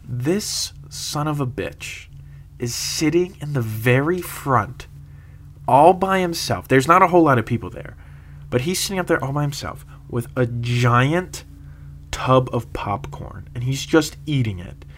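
A young man telling a rambling, casual story, laughing often and filling pauses with "uh" and "um". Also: medium pitch, expressive, a little hiss or hum.

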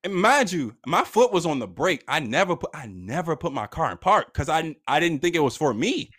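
A man's voice: on the high side, very animated, normal speed, fairly bright tone, breathy edge. A man telling a story from his own life in casual, slangy talk, acting out the voices of the people in it.

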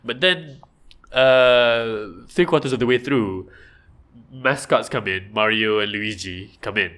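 A young man talks casually with a friend, his voice bright and forceful. He tells stories animatedly, often laughing. It sounds like a relaxed podcast conversation. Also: slow. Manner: animated storyteller who acts out quotes in high voices and laughs often. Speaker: podcast co-host. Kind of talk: casual chat.

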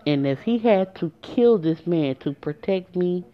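A woman's voice: on the low side, animated, measured pace. Woman telling a story on a muffled lo-fi recording. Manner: emotional, conversational, addresses viewers directly. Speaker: storyteller vlogger. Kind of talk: casual storytime narration. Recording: dull lo-fi recording.

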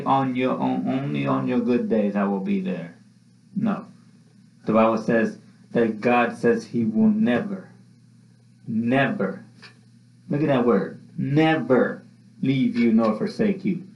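A man's voice: mid-range voice, slow, creaky, darkish tone. A man preaching a sermon with passion, repeating his phrases as his voice rises and falls. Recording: echoey room, dull lo-fi sound.

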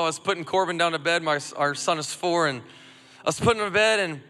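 A man, a father of a young son, preaching a sermon and calling on the congregation to repeat phrases back, swinging between loud urging and hushed reflection. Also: on the high side, brisk. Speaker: pastor. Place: church auditorium. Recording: long hall reverb, music faint behind.

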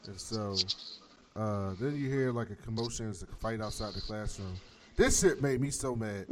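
Man, podcast recap, animated storytelling, profane slang, noisy clicky recording. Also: fairly low pitch, moderate pace. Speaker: podcast host recapping a TV episode. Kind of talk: casual chat.

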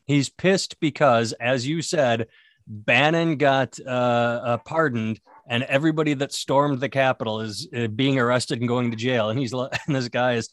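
A man's voice: mid-range voice, normal speed, no room sound, studio quality. A man who is a stand-up comedian co-hosting a podcast, rambling and sardonic in casual comedic chat. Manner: rambling, sardonic, self-mocking.

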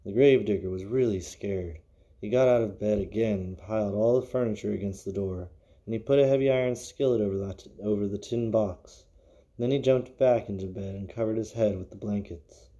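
A man hosting an unscripted podcast, reading stories and musing casually, his voice sinking low and quiet at the ends of phrases. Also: brisk, muffled recording. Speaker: podcast host.

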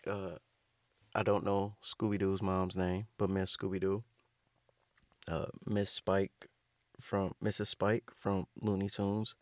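A man's voice: sits low, flat delivery, takes it slowly, a little mellow, no echo. A man delivering a rambling, profane comedic rant, riffing loosely and restarting his sentences. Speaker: comedic host.

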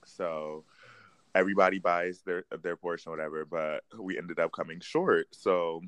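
A young man telling a funny story in casual chat, animated and slangy, often breaking into laughter. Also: low-pitched, moderate pace, no echo. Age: young adult.

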